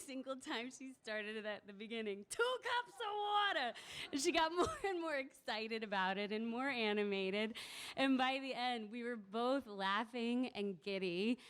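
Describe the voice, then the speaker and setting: A young woman with a slightly high voice tells a personal story on stage at a community event. She talks easily and warmly, breaking into laughter and acting out the voices she quotes. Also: clear, resonant tone.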